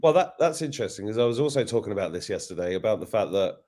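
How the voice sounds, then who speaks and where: Rambling low-voiced male podcast host. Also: lively intonation, rapid-fire, dark tone. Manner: rambling, self-interrupting storyteller. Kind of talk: casual interview chat.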